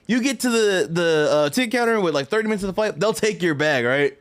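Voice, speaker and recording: A man telling a story in a casual vlog, animated and profane, full of slang and rambling asides. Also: sits high, fast talker. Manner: loose, rambling delivery with frequent "right?". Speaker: fighting game vlogger.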